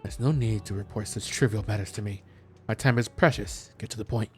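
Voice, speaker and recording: A man reading game dialogue aloud as a cold, arrogant male noble schemer, trying for a gruff, commanding tone. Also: on the low side, fairly quick, soft background music, close to an everyday voice. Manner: curt, commanding, attempted gruffness.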